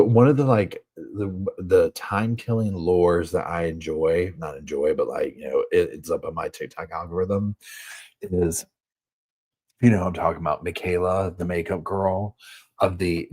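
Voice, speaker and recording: A man's voice: low voice, fairly even intonation, a little slow, darkish tone, husky. A man from the American South with a Southern accent, hosting a casual live chat and answering viewer comments. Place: home, on a sofa.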